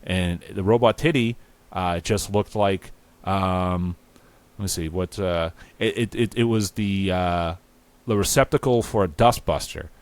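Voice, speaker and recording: A man's voice: low-pitched, a little slow. A man hosting a podcast, improvising a crude comic story in a rambling, profane way and laughing at his own jokes. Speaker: podcast host. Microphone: remote recording.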